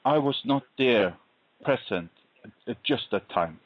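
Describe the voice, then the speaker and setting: Earnest guy telling his faith story real slow, dry close sound, kinda dull lo-fi audio. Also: medium pitch, animated, husky, no room sound. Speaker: guest sharing a faith testimony. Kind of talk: conversational interview, personal testimony. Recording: dull lo-fi recording.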